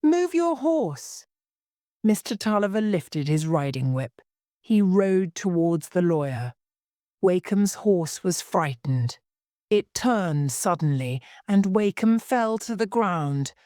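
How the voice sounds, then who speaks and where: Woman narrator, low voice, slow careful delivery, dry close sound. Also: animated, mellow, no room sound. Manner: slow, plain, careful reading. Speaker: story reader. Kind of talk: scripted narration for English learners.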